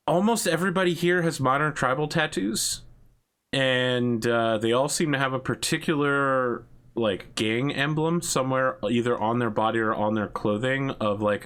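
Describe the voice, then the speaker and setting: Low-voiced man running a tabletop game. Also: a bit bright, clean tone. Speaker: game master.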